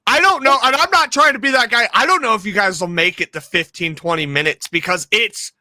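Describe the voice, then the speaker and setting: A man's voice: sits high, brisk, sharp tone, no echo, clean studio sound. A man co-hosting a casual podcast, emphatic and profane as he gives blunt opinions. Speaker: podcast co-host. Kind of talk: casual chat.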